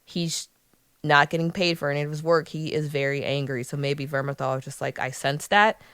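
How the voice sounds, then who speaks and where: Philly woman cohosting a podcast, kinda low voice, dry close mic, animated and laughy. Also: fairly quick, smooth, no room sound. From Philadelphia. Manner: animated, laughing, acts out quotes. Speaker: podcast co-host. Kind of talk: casual chat.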